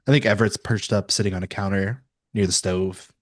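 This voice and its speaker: A man's voice: fairly low pitch, fairly even intonation, a little fast, dry recording. A man describing his character's actions as a player in a tabletop game.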